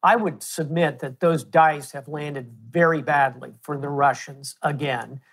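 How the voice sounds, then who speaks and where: A man as an interview guest, explaining history in a measured, storytelling way. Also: a little high, creaky, fairly bright tone. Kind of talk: interview answer.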